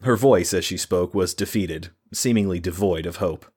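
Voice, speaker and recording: Male narrator, deep low voice, steady scripted storytelling. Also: moderate pace, husky. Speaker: audiobook narrator.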